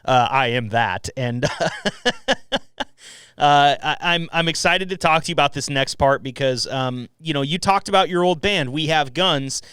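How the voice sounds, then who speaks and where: A man's voice: a little high, normal speed, pushed and bright, clean tone, no room sound. A man hosting his own podcast, chatting casually, joking, swearing and laughing often. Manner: loose, profane and laughing. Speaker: podcast host. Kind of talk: casual chat. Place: home podcast room at night.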